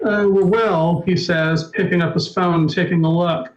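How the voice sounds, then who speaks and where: A man narrating as storyteller of a tabletop game, unhurried and full of filler words, on a dull lo-fi stream recording. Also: high-pitched, steady tone.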